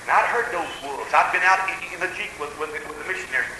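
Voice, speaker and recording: A man preaching a sermon, telling stories and breaking into shouts. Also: a little high, quick pace, echoey room, noisy background. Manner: storytelling with shouted outbursts. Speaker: pastor.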